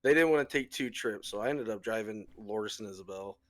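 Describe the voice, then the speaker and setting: A man's voice: lowish voice, a little fast. A young man co-hosting a podcast, telling a rowdy party story in casual chat with plenty of swearing. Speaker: podcast co-host.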